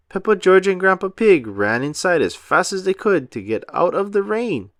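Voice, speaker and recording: A man reading a children's picture book aloud with an animated, sing-song delivery. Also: high voice, normal speed, hardly any pauses, no room sound, clean studio sound. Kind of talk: read-aloud storytelling for children.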